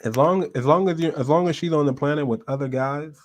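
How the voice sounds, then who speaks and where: A man's voice: a little high, fairly quick. Man emphatically repeating his points. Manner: emphatic, repeats lines, frequent restarts. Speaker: reaction show host. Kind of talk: casual commentary.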